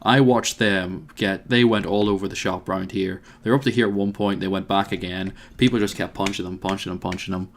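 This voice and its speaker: A man's voice: sits low, little pitch movement, brisk, vocal fry, few pauses. A man with a Northern Irish accent giving let's play commentary, rambling and musing aloud to himself. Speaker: video game player.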